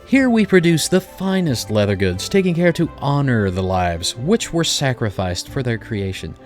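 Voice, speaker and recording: A man's voice: medium pitch, big pitch swings, normal speed, lightly acted. A man voicing a formal, long-winded male guild receptionist, reading game dialogue aloud in a stately tone over faint game music.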